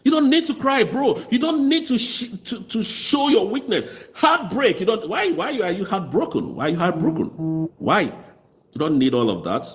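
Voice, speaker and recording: Fiery political commentary comes from a man with an Igbo accent from southeast Nigeria, his voice sitting high and sing-song at a moderate pace. He mocks passionately and switches into Igbo.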